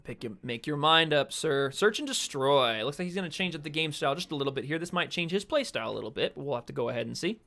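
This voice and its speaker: A man's voice: fairly high pitch, very fast, vocal fry, few pauses, faint music behind. Eager young man calling game action. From United States. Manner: excitable play-by-play, chatting with stream viewers between calls. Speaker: game caster and streamer. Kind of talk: solo esports-style play-by-play commentary. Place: home streaming setup, seated in a chair.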